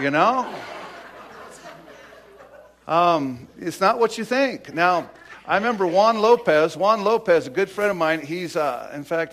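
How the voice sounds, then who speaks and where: A man's voice: high voice, fairly bright tone. A middle-aged man preaching a sermon in a conversational way, with many fillers and restarts as he tells stories. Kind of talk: sermon with personal storytelling.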